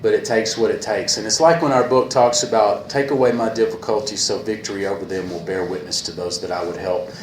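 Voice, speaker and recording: Man, meeting speaker, low voice, sincere and halting, echoey hall recording. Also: fairly even intonation. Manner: earnest, repeats a refrain, halting with fillers. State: a little emotional. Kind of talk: personal talk at a meeting. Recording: echoey room with faint hiss.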